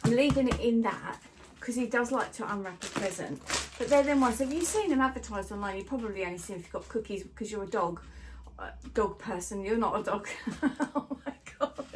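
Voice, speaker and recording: A woman's voice: fairly high pitch, animated, fairly quick. A middle-aged British woman chatting casually to her viewers as a lifestyle vlogger at home, rambling and friendly. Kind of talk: casual chat to camera. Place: at home, in a home office. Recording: noisy home recording.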